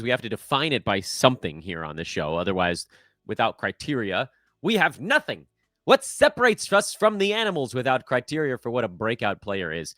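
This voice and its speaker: A man's voice: mid-range voice, no room sound, clean studio sound. A man hosting a fantasy basketball show, talking casually and jokingly with rambling asides. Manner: animated, jokey, rambling asides. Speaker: fantasy basketball podcast host. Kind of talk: casual solo sports analysis.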